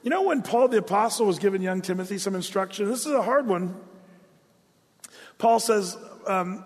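A man delivers a sermon in a high, lively voice, telling a story and acting out quotes with playful asides. His voice rings with the long reverb of a large hall. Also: normal speed. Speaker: pastor.

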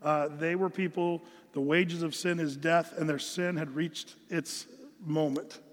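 An American pastor delivers an earnest, emphatic sermon teaching from the Bible, frequently starting his phrases over. His voice sits a little high, with a steady tone and measured pace, and the sound is that of a big room.

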